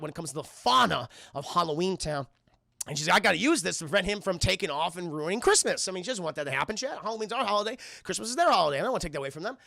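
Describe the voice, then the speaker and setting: Man, high voice, heavy vocal fry, bright, animated crude film recap to a chat. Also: dry recording, clean studio sound. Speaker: streamer reviewing a film. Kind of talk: casual profane retelling to a live chat.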